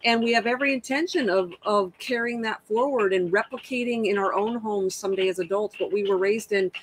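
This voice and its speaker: A woman's voice: mid-range voice, fairly quick, a little hiss or hum, rough recording. A woman co-hosting a podcast, speaking in a thoughtful, articulate way. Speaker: podcast co-host. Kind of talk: reflective discussion.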